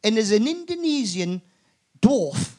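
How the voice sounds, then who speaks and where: Geordie comic, male, higher voice, lively raconteur who trips over his words. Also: measured pace, background noise. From north-east England. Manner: animated storyteller, frequent stammered restarts, swears. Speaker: comedian guest. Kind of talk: live podcast chat. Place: comedy club stage.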